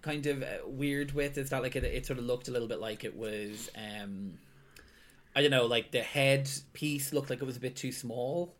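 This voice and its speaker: A man co-hosting a casual podcast chat, talking in quick bursts with many restarts and frequent laughs. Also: mid-range voice, fairly bright tone. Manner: chatty, hesitant restarts, laughs often. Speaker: podcast co-host.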